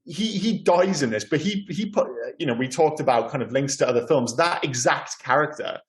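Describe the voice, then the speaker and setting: A man co-hosting a podcast, talking through a film in an animated, sweary, enthusiastic way. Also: on the high side, a little fast. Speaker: podcast co-host. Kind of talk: casual film-review chat.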